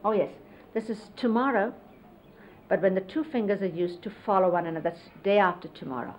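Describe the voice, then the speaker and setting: A woman's voice: mid-range voice, darkish tone. Middle-aged woman reminiscing on lo-fi videotape. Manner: conversational, unhurried, often quotes others. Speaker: interviewee recalling life with a spiritual teacher. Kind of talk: casual reminiscing, explaining hand gestures. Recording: lo-fi 1970s videotape, faint hiss.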